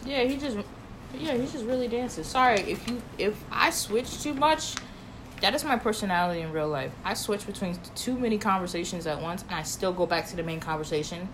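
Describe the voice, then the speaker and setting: A young adult woman co-hosting a casual chat, excitable with loud bursts and quick laughs. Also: mid-range voice, noisy background. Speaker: podcast co-host.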